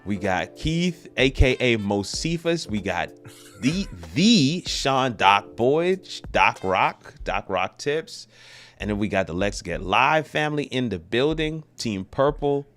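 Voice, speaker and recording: A man's voice: medium pitch, sing-song, slow, fairly bright tone, soft background music. A man hosting a live stream on a video call, joking in laid-back, slangy banter. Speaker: live show host. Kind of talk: casual chat.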